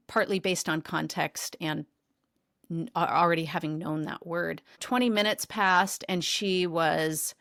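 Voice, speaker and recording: A woman co-hosting a podcast, telling a personal story in a lively, expressive conversational way. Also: fairly low pitch, no echo, studio quality. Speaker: podcast co-host.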